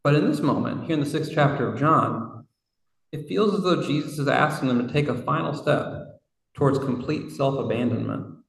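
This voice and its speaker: A man's voice: mid-range voice, moderate pace, gravelly, far from the mic. Preacher man in a roomy hall. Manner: reflective, conversational, with casual asides. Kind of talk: sermon.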